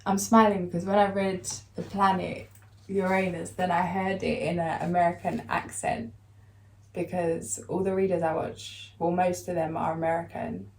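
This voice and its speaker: A woman doing a spiritual card reading, talking in a calm, soothing, unhurried way as she reads aloud. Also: lowish voice, gravelly. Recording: echoey room, faint background noise.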